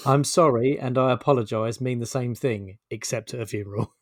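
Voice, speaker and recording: A man's voice: mid-range voice, brisk, dry recording, clean studio sound. A man co-hosting a podcast, chatting casually and telling short jokes. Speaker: podcast co-host. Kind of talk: casual chat.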